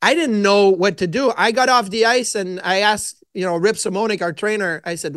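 A man in his forties with a noticeably high-pitched voice, recorded dry and close. He tells his stories in an animated, casual way, often restarting his sentences. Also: normal speed, few pauses, clear, resonant tone, no echo. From Quebec, Canada. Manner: animated anecdotes with frequent restarts. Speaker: guest, former goaltender. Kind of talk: casual storytelling interview.

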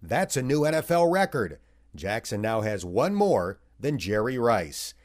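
Lively man narrating a sports recap. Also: mid-range voice, a little slow. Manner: wry, expressive delivery.

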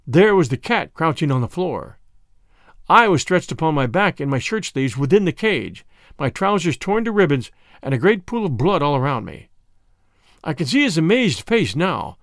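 Male audiobook narrator, dramatic, measured, higher voice, dry close sound. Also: no echo. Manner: measured, vivid first-person storytelling.

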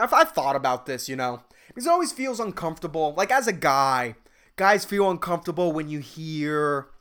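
A man's voice: on the high side, fairly bright tone. Profane rambling man hosting a podcast. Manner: profane, rambling, laughs at own jokes. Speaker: podcast host. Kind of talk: casual solo podcast rant.

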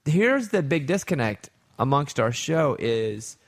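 A man in his forties with a Southern Arkansas accent talks at an easy, middling pitch. He hosts a loose studio chat, drawing his stories out slowly and steadily. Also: very animated, creaky. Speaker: radio show host. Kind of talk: casual studio chat with ad read.

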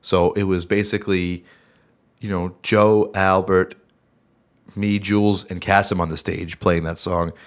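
Low-ish middle-aged guy rambling on a podcast, kinda sick-sounding, keeps going off on tangents. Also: little pitch movement, measured pace. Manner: rambling, self-interrupting storyteller. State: sick, voice a bit worn. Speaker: band member and podcast host. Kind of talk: casual chat.

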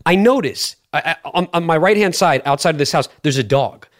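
Young guy podcast guest, lively swings in pitch, swears, quick to defend himself. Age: 20s. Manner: animated, defensive, swears a lot. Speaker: podcast guest and clip shooter. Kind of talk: casual chat, storytelling.

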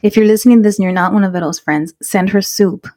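A woman's voice: mid-range voice, very fast. Joking podcast co-host woman. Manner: warm and joking, mixing in Spanish words. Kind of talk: casual chat.

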